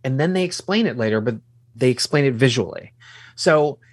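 Animated man talking film, dry sound. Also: mid-range voice, moderate pace, no echo. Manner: animated, swears casually. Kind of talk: casual film discussion.

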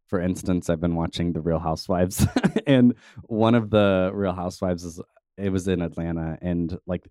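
A man's voice: low voice, dark tone, dry recording, clean studio sound. A man chatting casually, rambling through his thoughts with many fillers. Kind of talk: casual chat.

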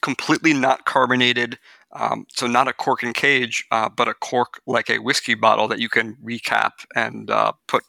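A man's voice: medium pitch, little pitch movement, moderate pace, gravelly, pushed and bright, no room sound. A man co-hosting a beer podcast, chatting casually with many ums and easy rambling. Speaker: podcast co-host. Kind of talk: casual chat.

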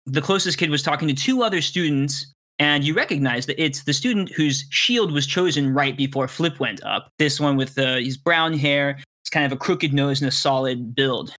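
Guy running a tabletop game, bright voice, kinda high, laid back. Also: moderate pace. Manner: descriptive, relaxed. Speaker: game master.

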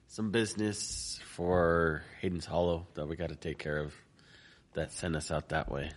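A man plays in a tabletop role-play with an easygoing, slightly hesitant manner. His voice is very deep. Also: steady tone, moderate pace. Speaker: player.

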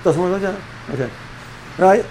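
Middle-aged male rabbi, high-pitched, chatty lecturing style with stammered restarts. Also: normal speed, slight background noise, poor audio. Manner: animated, repeats and restarts words, sprinkles Hebrew and Yiddish terms. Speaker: rabbi teaching students. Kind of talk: informal religious lecture.

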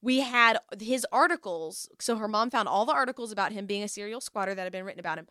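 A young woman telling a story in casual chat, animated and acting out what people said. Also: mid-range voice, quick pace, no room sound, studio quality. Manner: animated storyteller, acts out quoted voices.

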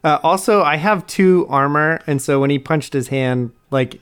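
A man's voice: on the high side, moderate pace, a bit bright, smooth. A man playing in a tabletop game, chatting in a laid-back, playful way. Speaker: player. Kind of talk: casual game table chat.

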